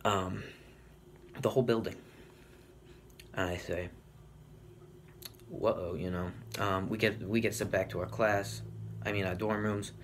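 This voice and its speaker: A young man telling a rambling, deadpan comic story in a casual way, full of fillers and swearing. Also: fairly low pitch, unhurried, long pauses, a little hiss or hum. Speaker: comedic storyteller. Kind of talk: deadpan comedic monologue.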